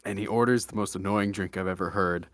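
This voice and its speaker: A young man hosting a podcast, telling a story in a deadpan, joking way with mock-serious asides. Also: low voice, fast, no echo, studio quality. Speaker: podcast host. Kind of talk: casual storytelling chat.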